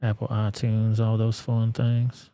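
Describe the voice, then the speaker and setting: A man's voice: on the low side, completely flat delivery, a little slow, warm tone, no room sound. A man with a Southern US accent hosting casual reaction commentary, blunt and profane. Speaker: commentary channel host.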